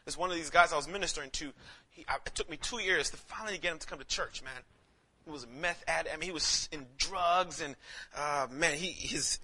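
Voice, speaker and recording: A male pastor preaching a casual, animated sermon, swinging from shouts to hushed lines and calling listeners man. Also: fairly high pitch. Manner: casual street talk, calls listeners man.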